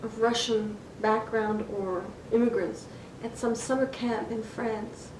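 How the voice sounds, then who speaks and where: Woman, interviewer, soft-spoken, higher voice, roomy, noisy rumble. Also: fairly even intonation, measured pace. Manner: soft-spoken, probing questions. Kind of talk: conversational interview.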